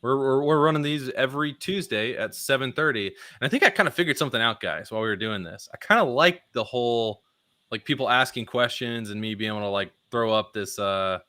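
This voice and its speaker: A man's voice: mid-range voice, lively intonation, fairly quick, pushed and bright, no echo. A man hosting a casual livestream, rambling loosely and laughing often. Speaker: host.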